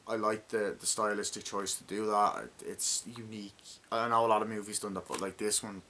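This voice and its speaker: A man's voice: fairly low pitch, steady tone, brisk, sharp tone, a little hiss or hum. A young man in his twenties giving a rambling, profanity-heavy casual movie review and acting out lines from the film. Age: 20s.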